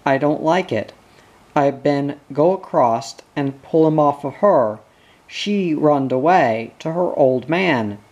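A frightened man from the outback pleads his innocence in broken, halting English, as a reader puts him on. His speech comes slowly, full of restarts and repeated words. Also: mid-range voice, darkish tone, highs cut off. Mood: pleading. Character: frightened male outback stockman accused of murder.

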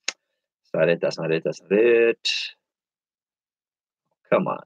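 A man with a fairly low voice rambles through a casual live stream, chatting with viewers and reading their comments aloud as he goes. He talks in an easy, wandering way about whatever comes to mind. The sound is dry and close, with no room around it. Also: animated, slow, vocal fry, long pauses, darkish tone, slightly rough, no room sound, lo-fi sound. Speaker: eBay reseller hosting a live stream.

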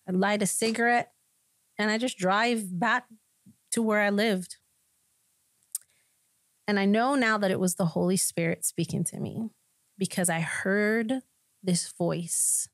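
A woman pastor sharing her personal testimony in a podcast conversation, an animated storyteller who acts out the people in her story and laughs often. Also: mid-range voice, measured pace, pauses often, no room sound. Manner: laughs often between lines.

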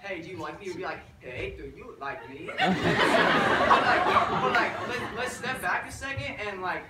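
A man's voice: high voice, lively intonation, a little slow, a loud crowd, very noisy. A young man playing a clueless bro who runs a community college language department, rambling with likes and ums in a live improv scene, recorded from far off on an echoey stage. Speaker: improv player.

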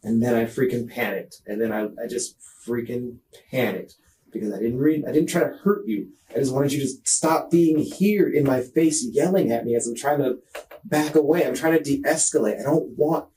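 Halting, agitated man in an interrogation. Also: mid-range voice, warm tone, far from the mic, slight background noise, rough recording. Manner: halting, repeats and restarts his words; agitated, pleading. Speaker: murder suspect under police questioning. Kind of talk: recorded interrogation statement.

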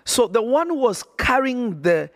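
A man's voice: very high-pitched, very animated, measured pace, a bit bright, dry recording, clean studio sound. A man preaching on a podcast, emphatic and repetitive, often checking that listeners follow. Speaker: prophet and podcast host.

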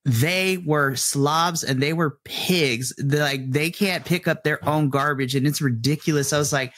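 A man, a middle school teacher, chatting casually on a podcast and telling stories in an animated way, acting out his own rants. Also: a little high, unhurried, hardly any pauses.

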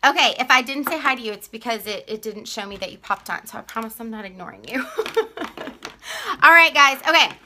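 A woman with a Texan accent hosts a casual live-stream sales chat about mascara, her tone bright and forward. Her voice sits a little high, and she chatters along, laughing often and calling out viewers by name. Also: lively intonation, a little fast. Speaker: live-stream makeup seller.

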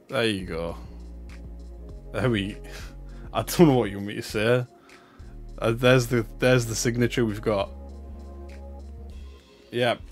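Glum North East English lad opening cards. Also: male voice, mid-range voice. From North East England. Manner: glum, self-mocking, chatting to viewers. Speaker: card-opening streamer. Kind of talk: casual livestream chat.

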